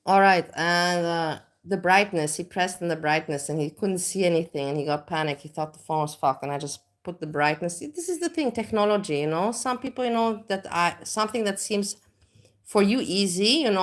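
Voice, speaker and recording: Speaking at a moderate pace in a low, expressive voice, this woman hosts a casual livestream chat. She rambles, often restarting and leaning on fillers.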